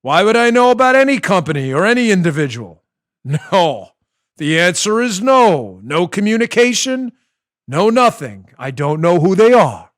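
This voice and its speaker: A man's voice: high voice, big pitch swings, normal speed, dry recording, studio quality. A man doing an impression of an older male politician who curtly and emphatically denies everything. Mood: defensive. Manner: curt, emphatic denials.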